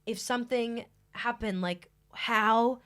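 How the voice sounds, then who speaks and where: A young woman co-hosting a podcast, telling stories in a rambling, animated casual chat. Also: a little high, slow pace, smooth. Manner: rambling, animated storytelling with laughs. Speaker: podcast co-host.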